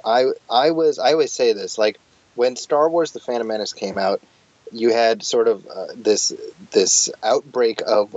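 Middle-aged guy, low-voiced, talkative film fan; close, dry, lo-fi recording. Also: dry recording. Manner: talkative, animated, frequent restarts. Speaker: podcast guest. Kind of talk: casual chat about movies. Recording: dull, dry lo-fi sound.

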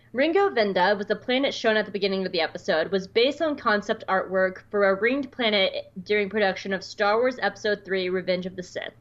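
A Southern American woman hosts a casual podcast chat, speaking animatedly and acting out quoted dialogue. Her voice is medium-pitched, and the highs in the recording are cut off.

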